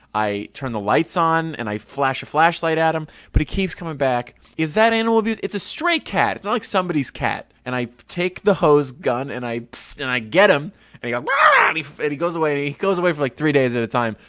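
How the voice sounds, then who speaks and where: Fairly bright and medium in pitch, this young man's voice carries no room sound. He's a podcast host recording at home, meandering through stories and cracking crude jokes about himself.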